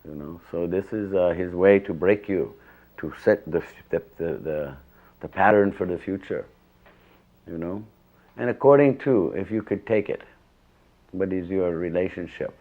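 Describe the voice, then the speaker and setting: An older man with a deep, low-pitched voice tells memories in an interview. He talks in an earnest, rambling way, circling back and pressing his points with emphasis. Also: normal speed, warm tone. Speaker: devotee recalling his teacher. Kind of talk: reminiscing interview.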